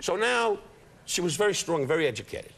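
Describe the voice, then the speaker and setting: Brash older comedian firing off insults. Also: male voice, high voice, big pitch swings, brisk, vocal fry, fairly bright tone. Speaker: guest comedian. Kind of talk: talk-show storytelling. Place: TV studio with live audience. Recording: noisy broadcast audio, audience laughter.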